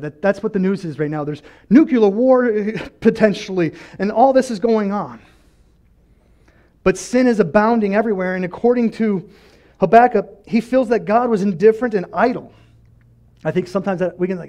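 Male pastor with a high voice, preaching with passion, from loud pleas to soft lows. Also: brisk. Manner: impassioned, swings between loud pleading and quiet lows, laughs often. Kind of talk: sermon. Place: church.

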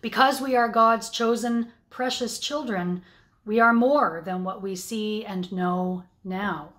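A woman pastor with a Canadian accent, giving a sermon at a slow, measured pace with deliberate pauses. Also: medium pitch, a bit bright.

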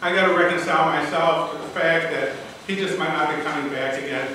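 A man's voice: fairly high pitch, steady tone, fairly quick, heavy background noise. An older man giving a prepared speech at a speech contest, telling a personal story in an earnest, dramatic way, picked up by a distant mic in a large hall. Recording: echoey hall from far off, faint ambience.

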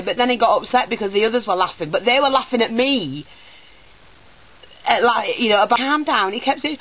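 An older woman, a teacher and crafter, chats warmly in a casual craft vlog, her voice fairly high, animated and fairly quick. She keeps breaking into giggles while remarking on her parcel. The audio is dull and lo-fi, like a home video.

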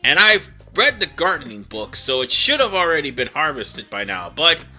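Guy narrating his game playthrough, really bright sharp voice, rambles and corrects himself a lot. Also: fairly high pitch, big pitch swings, normal speed, faint music behind. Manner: rambling, self-correcting, with fillers. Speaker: let's play host. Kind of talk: casual gameplay commentary.

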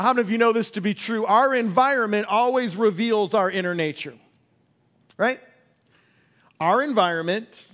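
A male pastor preaching a sermon, asking the congregation questions and acting out quoted cries before dropping to a hush. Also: sits high. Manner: acts out quoted cries loudly and drops to a hush.

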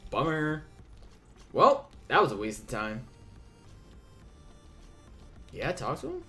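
Brief: young male game host, lively pitch, playful, reads the dialogue in voices. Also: slow pace, faint music behind. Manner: playful, voices the characters, casual swearing. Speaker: let's play host. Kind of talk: game playthrough, reading dialogue aloud.

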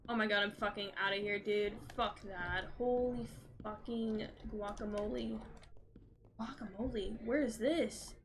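A woman's voice: fairly high pitch, measured pace, a bit bright, soft background music. A young woman streaming a horror game, reacting with panicked, profane exclamations. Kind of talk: live horror game commentary.

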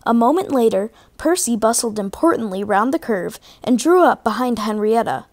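A woman reading a children's storybook aloud in a clear, even manner. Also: on the high side, normal speed. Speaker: storybook reader.

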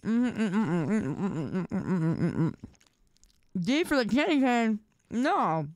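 Young woman streamer, playful teasing chat, unhurried, smooth dry voice. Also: a little high, lively intonation, dry recording. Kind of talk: casual live-stream chat.

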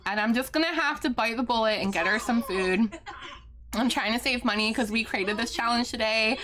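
A woman streaming a life-simulation game live, chatting excitably with her viewers and laughing often. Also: fairly high pitch. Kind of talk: live gameplay commentary.

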